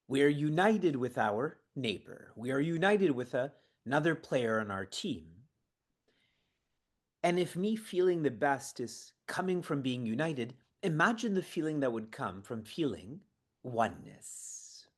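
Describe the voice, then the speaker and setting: A man running an online training session from his prayer room, asking the audience questions and laughing between points. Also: mid-range voice. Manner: engaging, asks the audience questions. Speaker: seva training guide.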